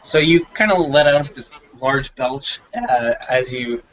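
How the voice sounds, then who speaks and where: A man's voice: mid-range voice, animated, measured pace, fairly bright tone, lo-fi sound. A man running a tabletop game as game master, narrating loosely with lots of fillers.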